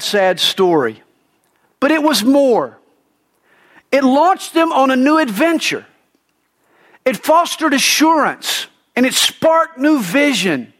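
A male pastor delivering a sermon in an emphatic, dramatic preaching manner, swinging between loud declarations and hushed drops. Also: very high-pitched.

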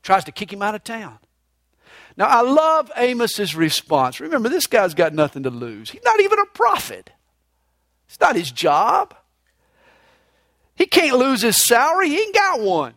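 Animated, high-voiced male pastor preaching. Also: moderate pace, no room sound, studio quality. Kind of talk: sermon with humorous anecdote.

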